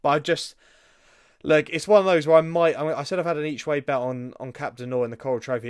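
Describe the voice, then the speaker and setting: Bloke co-hosting a racing tips show, rattles off odds, chatty, dead dry mic. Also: male voice, mid-range voice, clean tone, dry recording. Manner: lists odds briskly, chatty asides. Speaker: racing tipster co-host. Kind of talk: casual racing preview chat.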